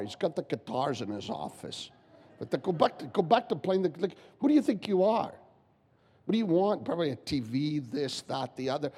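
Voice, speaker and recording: A guest pastor preaching a sermon, emphatic and repetitive, firing rhetorical questions at the congregation. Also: male voice, high voice, very animated, normal speed, darkish tone, slightly rough. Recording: long church hall reverb.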